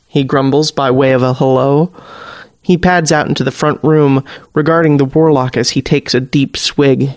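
A man reading a fantasy story aloud as the narrator, in a steady storytelling delivery. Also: medium pitch, normal speed, no echo. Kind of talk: audiobook fiction narration.

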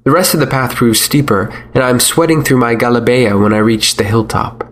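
A man narrating a first-person story in a measured, wry manner. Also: mid-range voice, steady tone.

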